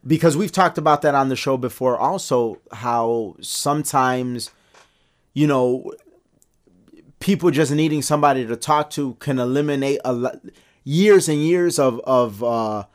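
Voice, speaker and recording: A man co-hosting a casual podcast discussion, talking in animated bursts with many restarts and pitch jumps when he makes a point. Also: measured pace. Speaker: podcast co-host.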